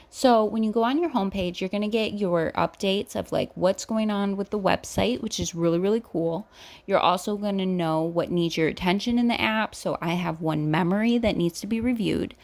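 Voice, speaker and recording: Woman vlogger, chatty and upbeat, walks viewers through an app review. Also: mid-range voice. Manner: excited, chatty, addresses viewers directly. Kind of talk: casual screen-walkthrough chat.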